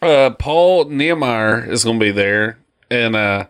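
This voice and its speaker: A man's voice: takes it slowly, clear, resonant tone. A man in his thirties, co-hosting a podcast in casual, jokey chat that rambles. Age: 30s. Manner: rambling and jokey, lively pitch. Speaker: podcast co-host.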